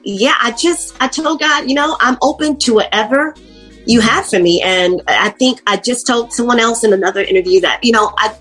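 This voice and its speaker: A middle-aged woman tells her story as a guest in a relaxed interview. She is animated and acts out her own past lines as she goes. Her voice is a touch husky, with soft music in the background. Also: a little high, normal speed. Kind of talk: casual interview, personal story.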